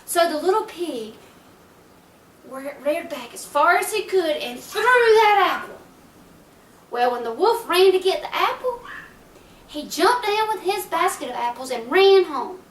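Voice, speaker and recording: A woman's voice: extremely high pitch, very animated, a little slow, a little hiss or hum. A woman retelling a folk tale aloud, folksy and chatty, with asides to her listeners. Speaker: storyteller. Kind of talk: oral storytelling retelling. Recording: roomy echo from a distant mic.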